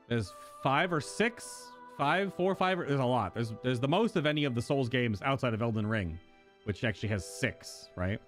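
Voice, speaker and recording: Man, gaming streamer, casual rambling commentary, talks to chat, mid-pitched voice, faint music behind.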